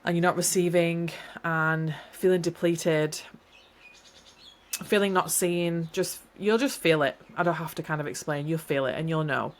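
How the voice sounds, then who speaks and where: This podcast host has a deep voice with fairly even intonation and a moderate pace. Hosting alone, she muses in a reflective, encouraging manner, wandering off track and fixing her wording mid-sentence.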